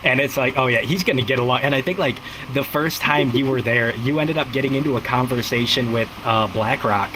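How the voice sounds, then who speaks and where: A man's voice: mid-range voice, a little fast, few pauses. Guy rambling thru a story, lots of likes and ums, noisy background. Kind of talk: casual chat.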